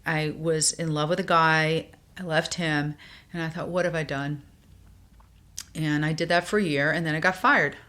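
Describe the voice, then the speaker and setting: A woman's voice: low voice, normal speed. An older woman from New York, a guest in a podcast interview, telling stories and acting out the voices of the people she quotes. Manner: animated, acts out quoted voices.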